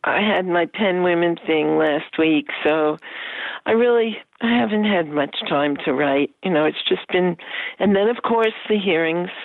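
A woman calls in over a tinny phone line, chatting slowly with a gravelly texture to her voice. She giggles and trails off into fillers as she talks. The call sounds narrow and dry. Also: on the low side, no room sound. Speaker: caller. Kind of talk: casual phone chat.

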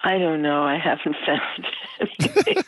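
A woman's voice: low voice, wildly swooping pitch, measured pace, a little hiss or hum. A woman caller from Connecticut chatting wryly with the host, then reading a blunt, profane poem. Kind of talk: phone-in chat and poetry reading. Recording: tinny phone line, dry.

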